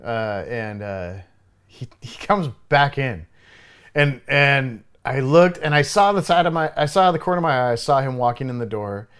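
Animated young man telling a story. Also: medium pitch, normal speed, clean tone. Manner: animated, swears freely, loudly acts out his own quoted lines. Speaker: bartender. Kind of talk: casual storytelling chat.

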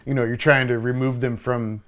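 A young adult man speaks in a casual, storytelling way. He swears freely and gets loud and animated when he acts out his own lines. His voice sits in an ordinary middle range. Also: medium pitch, normal speed. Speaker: bartender.

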